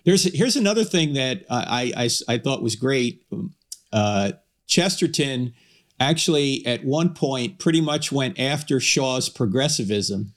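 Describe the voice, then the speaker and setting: A man's voice: medium pitch, lively intonation, a little slow. A man hosting a talk radio interview in a chatty way, reading quotes aloud with relish. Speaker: radio show host.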